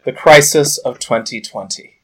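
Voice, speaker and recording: A man hosting a podcast who breaks into excitable, filler-heavy rants in casual comedic chat. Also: medium pitch, normal speed. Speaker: podcast host.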